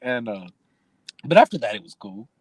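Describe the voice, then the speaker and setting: Casting: man, mid-pitch, podcast host, loose profane storyteller, dry close sound. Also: big pitch swings, moderate pace, slightly rough, dry recording. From Arizona. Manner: profane, joking, laughs often. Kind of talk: casual storytelling chat.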